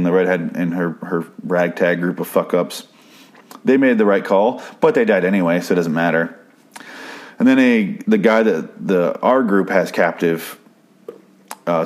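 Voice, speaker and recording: Low-pitched man, podcast host, casual recap, swears a lot, rambling, restarts sentences. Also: moderate pace, darkish tone. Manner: profane, rambling, frequent restarts.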